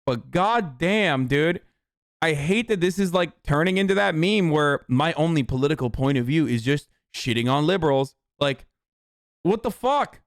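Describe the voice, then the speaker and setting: A man's voice: fairly high pitch, lively intonation, normal speed, no room sound, studio quality. Profane, mocking male political streamer. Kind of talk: political commentary livestream.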